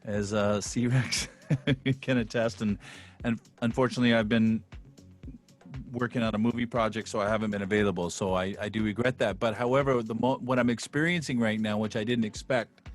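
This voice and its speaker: A man with a low voice talks over a video call in the smooth style of a radio DJ. He speaks haltingly and from the heart, with faint music behind him. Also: steady tone. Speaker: guest. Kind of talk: casual chat on a video call.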